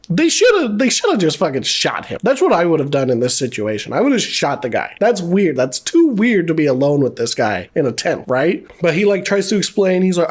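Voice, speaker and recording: Guy with a pretty high voice rambling through a movie plot, cursing a lot, jokey and loose. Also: animated, fairly quick, hardly any pauses, a little mellow. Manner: rambling, profane, jokey storytelling. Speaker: movie reviewer. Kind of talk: casual film recap.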